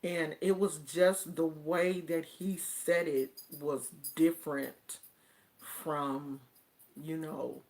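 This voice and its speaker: A woman vlogger chatting casually to camera, telling stories in an animated, drawn-out way. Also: low voice.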